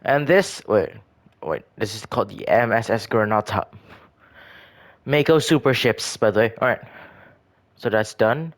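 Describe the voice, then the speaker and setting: A man's voice: lowish voice, lively intonation, unhurried. A man giving casual, rambling commentary on his own game builds, often stumbling and restarting his sentences. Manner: rambling, hesitant, frequent restarts and self-corrections. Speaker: gaming video creator.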